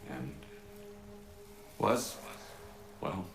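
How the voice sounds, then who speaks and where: An actor playing a desperate spectral man who begs for help finding his lost son, in formal, pleading words. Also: drawn-out words. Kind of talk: video game voice acting. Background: game music.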